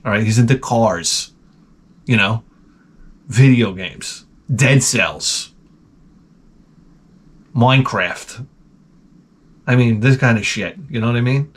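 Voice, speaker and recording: A man's voice: medium pitch, takes it slowly, long pauses, breathy edge. A man hosting his channel, telling rambling comic stories full of swearing and muttered asides. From United States. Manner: profane, animated, drops to mutters for asides. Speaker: channel host. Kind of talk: rambling comedic storytelling.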